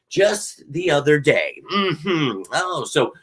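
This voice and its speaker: A fired-up man hosts a live fan stream in loose, profane chat, swinging between loud bursts and mutters. His voice is forceful and sharp-edged, a bit worn from yelling at a game. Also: mid-range voice, expressive, moderate pace. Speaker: sports fan show host.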